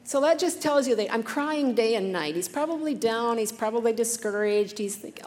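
A woman's voice: a little high, animated, normal speed, few pauses, darkish tone, in a large hall. A woman giving an earnest, conversational devotional talk, reading scripture passages with feeling.

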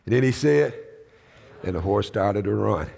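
A man's voice: fairly low pitch, expressive, creaky, darkish tone, in a large hall. A man preaching a Pentecostal sermon in a church. He tells stories and draws out emphatic phrases, and he calls on the congregation to answer back. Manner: storytelling, drawn-out emphatic phrasing. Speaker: pastor. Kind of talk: Pentecostal sermon with call-and-response.

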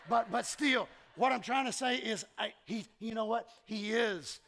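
Animated pastor, high gravelly voice. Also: male voice, moderate pace, hardly any pauses, a little hiss or hum. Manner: animated, repeats words, leads congregation call-and-response. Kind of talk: sermon. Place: church sanctuary.

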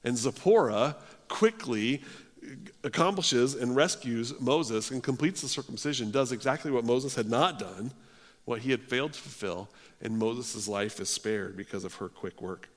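A man's voice: medium pitch, moderate pace. Man preaching in a reverberant hall. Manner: earnest preaching with repeated restarts and stammered phrases. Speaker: pastor. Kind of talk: sermon.

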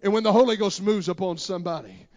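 A man's voice: high voice, quick pace, a little mellow. A man preaching a Pentecostal sermon in a church, impassioned and driving his points home with repeated refrains. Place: church sanctuary.

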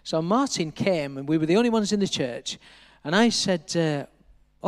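Pastor telling a story from the pulpit, high voice, lots of echo, stumbles and repeats. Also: male voice, lively intonation, unhurried. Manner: storytelling, repeats words, acts out quotes. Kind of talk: sermon testimony. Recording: echoey hall.

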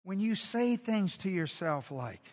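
A middle-aged man preaching a sermon as pastor, animated and conversational, swinging from loud to hushed. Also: high voice, unhurried. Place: large church hall. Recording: long hall reverb.

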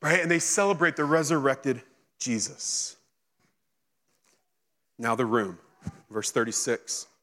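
A man preaching a sermon, reading scripture and acting out its dialogue, swinging between excited and hushed delivery. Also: mid-range voice, takes it slowly, pauses often. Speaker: pastor.

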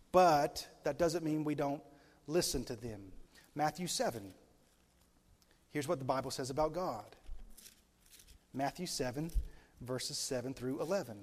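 A man delivers a sermon from the pulpit of a large church, his somewhat high voice carrying long reverb through the hall. He preaches emphatically and slows right down to lean on the words that matter. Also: a little mellow. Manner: emphatic preaching, stretching key words slowly for weight. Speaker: pastor.

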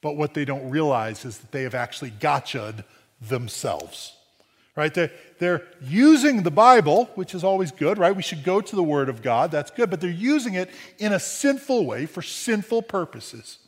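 A man's voice: fairly high pitch, animated, normal speed, big-room sound. A man preaching a sermon in a conversational way, often asking "right?" and restarting phrases, with dry humor. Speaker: pastor.

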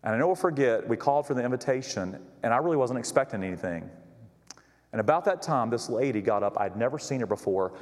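Pastor telling a story in a reverberant hall. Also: male voice, mid-range voice, quick pace. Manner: animated storyteller acting out quoted voices. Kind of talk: sermon storytelling. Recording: long reverb in a large hall.

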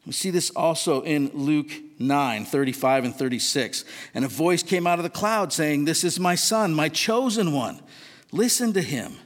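Earnest high-voiced male preacher in a hall. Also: expressive, normal speed. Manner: earnest, questioning, conversational preaching. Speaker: pastor. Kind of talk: sermon. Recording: long reverb of a large hall.

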